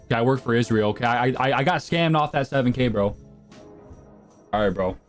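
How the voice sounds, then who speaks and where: A young man streams live and answers his chat in loose, crude, slang-heavy, provocative banter. He talks briskly at an ordinary middle pitch, with quiet music playing underneath.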